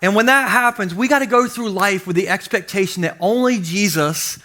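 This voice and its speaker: A man's voice: high voice, normal speed. A man in his forties preaching with humor, telling self-deprecating stories and acting out the voices in them. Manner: animated, self-deprecating, acts out quotes. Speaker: pastor. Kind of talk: humorous storytelling sermon. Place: church stage before a congregation.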